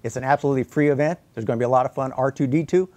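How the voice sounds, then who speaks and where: Older man guest on a TV chat, mid-pitched, matter-of-fact promoter. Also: rapid-fire, a little mellow. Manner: plain, announcing details. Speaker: event promoter. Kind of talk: studio interview.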